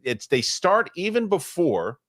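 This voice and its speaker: A middle-aged man hosting a casual podcast, rambling and excitable as he chats and reads ads. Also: on the high side, unhurried, no room sound, clean studio sound. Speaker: podcast host. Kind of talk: casual chat and live ad reads.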